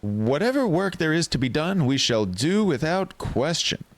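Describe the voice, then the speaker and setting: A man's voice: a little high, sing-song, moderate pace, pitched above the performer's own voice. A man voicing a dutiful, earnest young man in a game. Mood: resolute.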